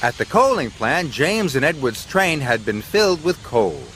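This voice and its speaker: A man reading a children's railway story aloud as narrator. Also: a little high. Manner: slow, expressive storytelling. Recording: music underneath.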